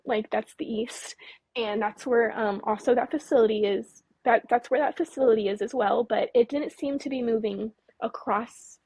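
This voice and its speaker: A young woman from California, nervous and shaky, tells her story in a breathy, slightly high voice, tripping over words and restarting sentences. Her voice trembles with fear. The sound is dry and close. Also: steady tone, moderate pace, dark tone, no room sound, low-quality recording. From California, Mojave Desert. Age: late 20s. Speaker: guest, UFO researcher. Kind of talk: interview, recounting an experience.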